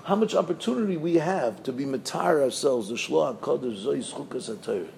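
A man's voice: mid-range voice, lively intonation, a little fast, gravelly, a little mellow, a little hiss or hum, low-quality recording. A male rabbi giving a sermon, telling stories animatedly and chanting repeated verses.

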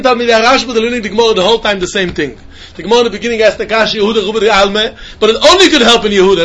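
Guy teaching talmud, high voice, talks super fast, singsongy, gets loud on the big points. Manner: rapid singsong mix of English and Yiddish with Hebrew terms, rising to emphatic peaks. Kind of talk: Talmud lecture.

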